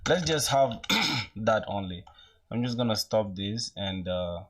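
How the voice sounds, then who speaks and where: A young man in his twenties chatting casually with viewers while coding live, using relaxed slang and thinking aloud, with an occasional cough. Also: fairly low pitch, unhurried. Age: young adult. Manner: laid-back slangy, greets chat, thinks aloud. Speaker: programming streamer.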